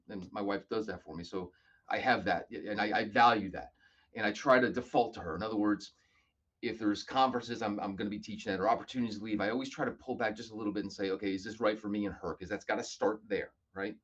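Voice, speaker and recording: A man telling stories casually as a podcast guest, animated and acting out other people's lines. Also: fairly low pitch, dull audio. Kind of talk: casual storytelling.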